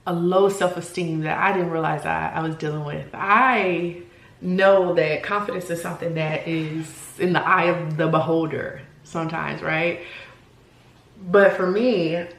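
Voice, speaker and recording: Earnest woman in her forties, lowish voice. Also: steady tone, a little slow, roomy sound. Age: 40s. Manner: earnest, heartfelt, searching for words. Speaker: vlogger. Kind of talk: candid personal vlog talk.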